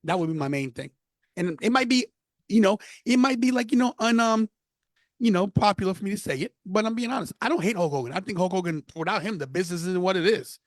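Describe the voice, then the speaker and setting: A man from New York, a podcast guest, telling stories in an animated, casual way. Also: high voice, quick pace, no room sound. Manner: animated storyteller. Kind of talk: casual interview.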